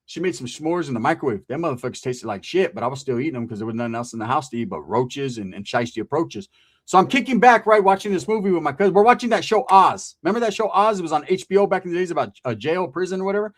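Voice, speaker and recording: A man telling a long stand-up story in a rambling, profane, slangy way, acting out the dialogue. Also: a little high. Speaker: comedian.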